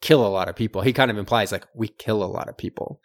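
A man's voice: on the low side, quick pace. A man co-hosting a podcast, chatting casually as he retells a film with lots of fillers and restarts. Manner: rambling, animated retelling with acted quotes. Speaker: podcast co-host. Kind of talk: casual chat recapping a film.

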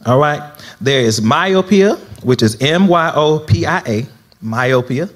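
A man's voice: a little high, lively intonation, measured pace. A young man from South Florida preaching a sermon as minister, talking conversationally with laughing asides and checking in with the congregation.

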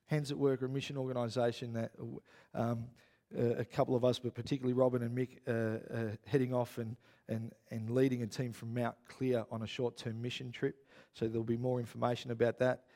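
Chatty, animated preacher man. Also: medium pitch, fairly quick. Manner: chatty storytelling, gets loud and worked up. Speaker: pastor. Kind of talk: sermon.

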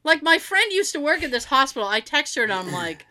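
A woman co-hosts a casual chat, animatedly recounting family stories, swearing freely and acting out what her relatives said. Her voice sits high and she speaks briskly.

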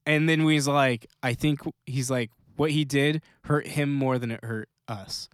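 Casual, halting man chatting about a show. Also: medium pitch, fairly even intonation, clear, resonant tone, dry recording, studio quality. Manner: rambling, halting restarts and fillers. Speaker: podcast co-host. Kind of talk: casual chat.

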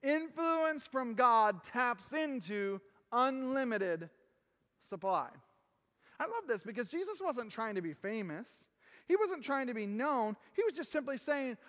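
A man preaching a sermon in a church, earnest and emphatic, dropping low on key phrases. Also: expressive, normal speed, fairly bright tone. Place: church sanctuary. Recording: long reverb of a large hall.

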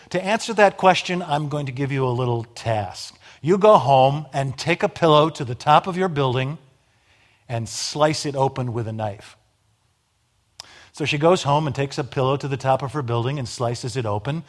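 A man's voice: mid-range voice, normal speed. A man preaching a sermon, emphatic, with dramatic rises and drops in volume and wry asides. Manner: wry humor.

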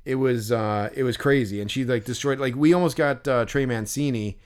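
A man's voice: medium pitch, normal speed. A man in his forties co-hosting a podcast in casual chat, easygoing and swearing offhandedly. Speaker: podcast co-host.

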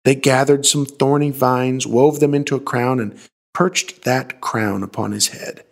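A man, a pastor, retelling a Bible story as a sermon in a dramatic way, shifting between hushed and emphatic lines. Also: medium pitch, fairly even intonation, a little slow, creaky.

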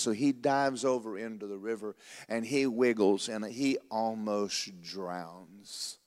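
Folksy male pastor, animated sermon storytelling, reverberant hall. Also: fairly low pitch, slow.

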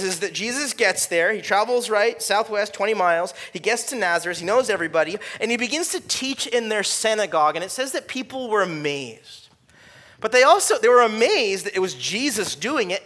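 A man's voice: sits high, sharp tone. A young adult man preaching a sermon in a casual, conversational way, with lots of fillers. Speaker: pastor.

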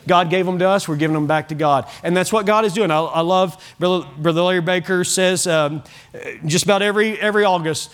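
A middle-aged man gives an evening sermon from a church pulpit. His voice sits fairly high for a man. He talks in a folksy way, often repeating a word or restarting a phrase before carrying on. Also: a little fast, fairly bright tone. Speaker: pastor. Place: church sanctuary.

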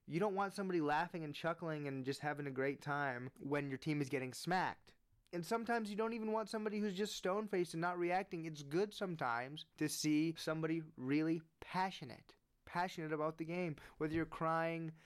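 A man giving earnest, animated opinion commentary on sports, rising in pitch when he presses his point. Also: smooth.

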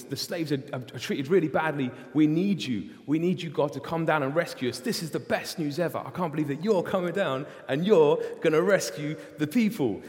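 A preacher voicing an old male shepherd, talking in an excited, pleading rush, higher than his own voice, in a reverberant hall. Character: old male shepherd, eager then panicked.

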